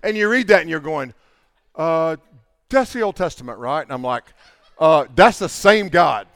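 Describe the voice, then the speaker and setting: In a studio-quality recording with no room sound, a man with a fairly high, clear and resonant voice speaks at a moderate pace. His conversational sermon features animated storytelling, acting out everyday dialogues and mimicking the people involved.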